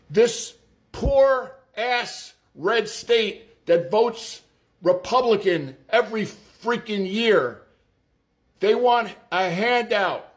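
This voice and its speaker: A man giving crude, sarcastic political commentary, mocking and profane. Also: high-pitched. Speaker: online commentator.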